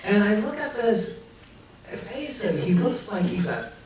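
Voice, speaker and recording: Man, light high voice, slow animated storyteller on a far mic in a reverberant hall, audience clearly heard. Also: a crowd in the background. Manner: animated, laughing often, acts out what people said. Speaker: speaker telling a personal story to an audience. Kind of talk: humorous live storytelling. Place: large echoey hall with a live audience.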